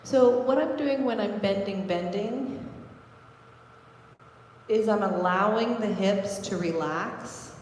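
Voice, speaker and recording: A woman's voice: mid-range voice, slow pace, darkish tone, a little hiss or hum. A woman teaching a belly dance class online, counting beats and cueing moves as she demonstrates. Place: large echoey dance studio. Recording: echoey studio with long reverb.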